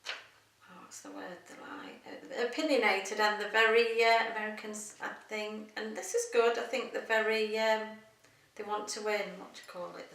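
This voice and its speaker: A woman's voice: medium pitch, steady tone, moderate pace, gravelly, a bit bright. Chatty middle-aged woman. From England. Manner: chatty, rambling, laughs often. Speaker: interviewee. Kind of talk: casual interview chat. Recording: echoey room, mic at a distance.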